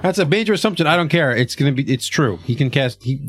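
Excitable man joking at a game table. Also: on the high side, quick pace. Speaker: player. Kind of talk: casual tabletop role-play.

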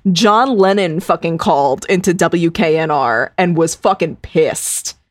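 A woman co-hosting a casual podcast, chatty and laughing as she tells a story. She swears freely and speaks in a somewhat low voice. The recording is dry and close. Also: moderate pace, no echo. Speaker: podcast co-host.

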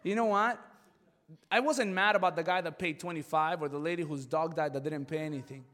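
A male pastor telling a personal story in a sermon. He talks in an animated way full of "like" and repetition, and drops to a hushed, earnest tone for serious points. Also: fairly high pitch, brisk, in a large hall. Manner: animated, excitable storytelling with many "like" fillers.

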